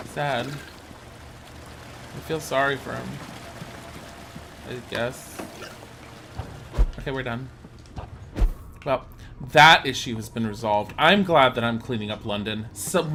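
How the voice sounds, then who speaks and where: A man's voice: mid-range voice, lively intonation, a little slow, long pauses, sharp tone, slight background noise. A man chatting sarcastically through a video game, talking to his chat as he plays. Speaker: streamer. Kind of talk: casual gameplay commentary. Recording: game music behind voice.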